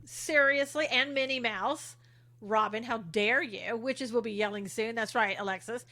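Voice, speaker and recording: A woman's voice: a little high, measured pace, sharp tone. A middle-aged woman hosting a casual livestream, reading viewer comments aloud and answering them with sarcasm and frequent laughs. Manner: sarcastic, chatty, laughs often.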